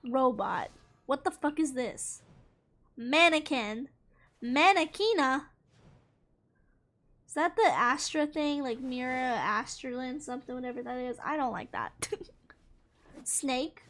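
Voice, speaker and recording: A woman's voice: high-pitched, animated, slow pace, long pauses, fairly bright tone. A young woman streamer chatting casually over gameplay, bubbly and giggly, talking to her viewers. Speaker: gaming streamer.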